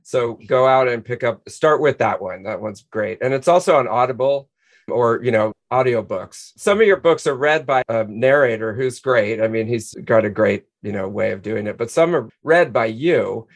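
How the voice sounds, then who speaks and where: A man's voice: medium pitch, lively intonation, normal speed. A man hosting a podcast interview, effusive and full of praise. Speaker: podcast host.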